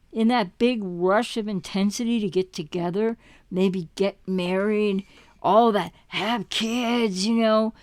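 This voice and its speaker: A woman's voice: fairly high pitch, a little mellow, clean tone, dry recording, clean studio sound. A woman coaching her listeners in an impassioned monologue, asking rhetorical questions and repeating words for emphasis. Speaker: relationship recovery coach. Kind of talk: impassioned direct-to-camera monologue.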